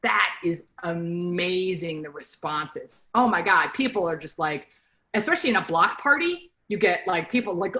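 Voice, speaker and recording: A woman's voice: fairly low pitch, moderate pace, low-quality recording. A middle-aged woman giving a casual training talk to her sales team, chatty and full of stories and asides. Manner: chatty, animated storytelling with asides.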